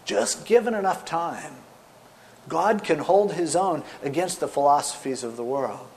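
Animated preaching man, slightly high voice. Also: measured pace, gravelly, a little hiss or hum. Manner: animated storytelling, swings from loud emphasis to soft asides. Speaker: pastor. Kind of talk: sermon.

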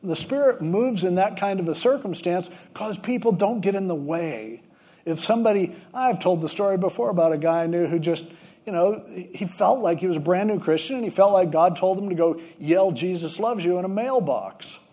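A man's voice: sits high, moderate pace, dark tone. A man preaching a sermon, telling stories and acting out the voices in them. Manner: storytelling, acts out quoted voices. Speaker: pastor.

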